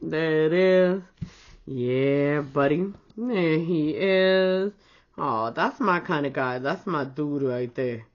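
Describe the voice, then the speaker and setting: A woman's voice: low voice, slow pace, highs cut off. A woman chatting casually with viewers while demonstrating nail stamping, playful and full of slang. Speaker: nail art vlogger. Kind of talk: casual demo chat.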